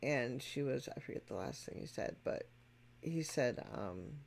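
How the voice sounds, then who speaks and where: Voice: medium pitch, expressive, a little slow, vocal fry, slight background noise. A music reaction channel host giving casual spoken commentary to viewers, emphatic and explanatory.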